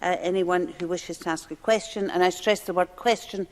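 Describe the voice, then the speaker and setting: Brisk female presiding officer, chamber echo. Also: fairly low pitch, steady tone, a little hiss or hum. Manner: brisk, procedural, firm. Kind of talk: chairing a parliamentary session. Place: large parliamentary debating chamber. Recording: long reverb of a chamber with a faint murmur of members.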